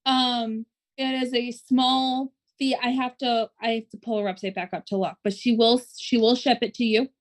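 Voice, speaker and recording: A woman's voice: a little high, little pitch movement, normal speed. A woman co-hosting a casual podcast chat, running through plugs with plenty of "um" fillers. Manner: chatty, many "um" fillers, doing show plugs. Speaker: podcast co-host.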